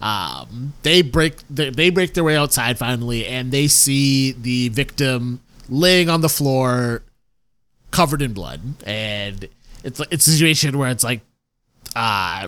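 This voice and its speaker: Halting man recapping with fillers. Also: mid-range voice, fairly bright tone. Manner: halting, loses his thread, lots of fillers. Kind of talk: casual plot recap.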